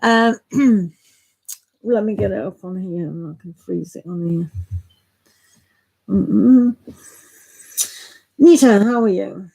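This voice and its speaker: A woman's voice: medium pitch, slow, vocal fry, long pauses, warm tone, husky, poor audio. A middle-aged woman hosting a live tarot stream, chatting casually and greeting viewers by name with frequent laughs.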